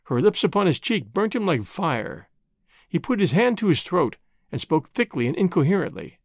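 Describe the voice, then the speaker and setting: A man narrating an old novel as an audiobook, in an expressive, measured storytelling way. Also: high voice, no room sound, studio quality.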